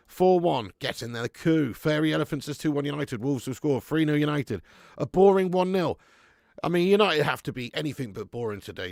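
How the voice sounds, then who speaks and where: A man hosting a live football watch-along, bantering loudly, swearing and reading out chat messages on a close mic. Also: on the high side, gravelly, dry recording. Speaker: fan channel host.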